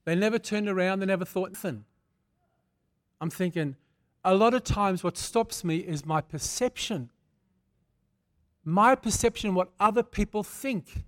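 An older man preaching a sermon, moving from prayer into a personal testimony told in a fervent, conversational way that swells to loud bursts. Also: high voice, a little slow, long pauses. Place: church.

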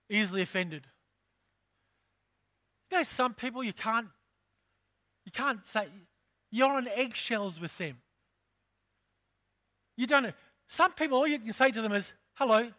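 Calling out to his congregation, an animated pastor delivers a sermon with emphasis and frequent repetition of his phrases. His voice is high, bright, and forceful, and he keeps a measured pace, pausing often.

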